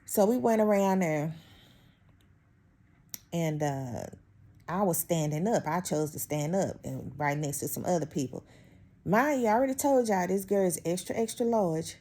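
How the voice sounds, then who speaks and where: Low, mellow-voiced woman telling a storytime. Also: normal speed. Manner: chatty, exasperated, addresses viewers as y'all. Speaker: vlogger telling a workplace story. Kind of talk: casual storytime chat. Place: at home.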